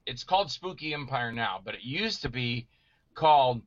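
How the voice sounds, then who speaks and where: A middle-aged man telling stories in casual chat, animated and acting out voices he quotes. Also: medium pitch, moderate pace, no room sound, muffled recording. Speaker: guest actor telling stories.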